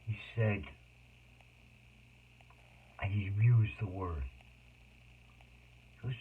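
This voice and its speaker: A man telling a personal story in a rambling, emotional monologue with sudden loud outbursts. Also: on the low side, very animated, takes it slowly, pauses often. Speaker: autobiographical storyteller. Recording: tinny phone-like noisy recording.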